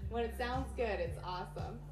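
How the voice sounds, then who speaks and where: A woman giving live announcements in a church service, upbeat and chatty, laughing often. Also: a little high. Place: church sanctuary. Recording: echoey sanctuary with music behind.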